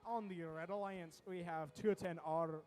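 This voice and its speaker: A man giving lively, quick play-by-play commentary at a robotics competition, with joking asides between matches. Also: high-pitched, faint music behind. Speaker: event commentator.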